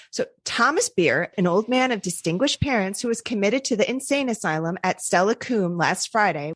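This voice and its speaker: A woman's voice: medium pitch, no echo, studio quality. A woman hosting a casual podcast, reading an old newspaper ghost story aloud with chatty asides. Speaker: podcast host.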